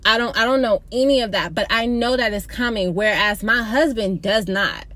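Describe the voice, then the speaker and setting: A woman's voice: a little high, normal speed, sharp tone. A young adult woman talking casually and candidly to her viewers, rambling a little and calling them y'all. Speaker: vlogger sharing a personal faith story.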